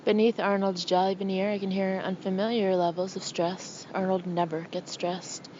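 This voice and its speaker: A woman narrating an audiobook in the first person, with an expressive, intimate, anxious delivery. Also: mid-range voice, moderate pace, lo-fi sound, slight background noise.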